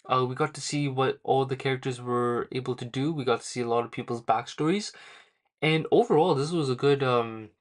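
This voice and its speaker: A man's voice: medium pitch, a little fast. A young man casually recapping a manga chapter in a rambling, slangy way with lots of fillers. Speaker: manga reviewer.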